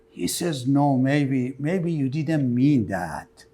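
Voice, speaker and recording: A man's voice: mid-range voice, slow. A man giving a religious lecture, telling stories with quoted back-and-forth dialogue. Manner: animated storytelling with quoted dialogue.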